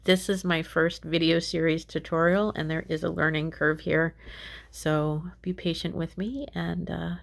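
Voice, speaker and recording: A woman walks viewers through a crochet pattern in a slow, unhurried tutorial, repeating each step patiently. Her voice sits low with a gravelly edge, and she pads her instructions with easygoing fillers. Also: flat delivery.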